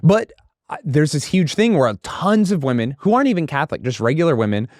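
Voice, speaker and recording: A man who is a comedian guest, chatting in an animated, joking way and slipping into funny voices. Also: on the high side, fairly quick, no room sound, studio quality. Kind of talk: casual conversation.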